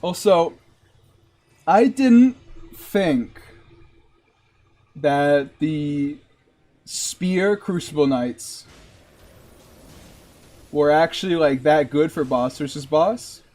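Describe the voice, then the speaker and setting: A man's voice: a little high, darkish tone. A man streaming a game, chatting casually and rambling with lots of "like". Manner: rambling, heavy use of "like". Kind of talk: casual live-stream commentary.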